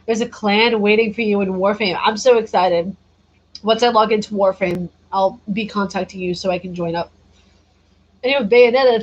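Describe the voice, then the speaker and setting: A woman's voice: mid-range voice, breathy edge, muffled recording. Chatty woman streamer, tired. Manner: chatty, laughs often, answers chat comments. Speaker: gaming streamer. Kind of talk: casual livestream chat.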